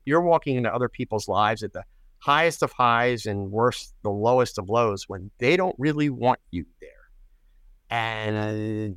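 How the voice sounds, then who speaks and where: A man's voice: on the low side, fairly bright tone, no echo. A man in his sixties with an American accent, a podcast guest telling stories in an easygoing, reflective way. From United States. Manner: reflective, anecdotal, easygoing with fillers. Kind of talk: casual conversation.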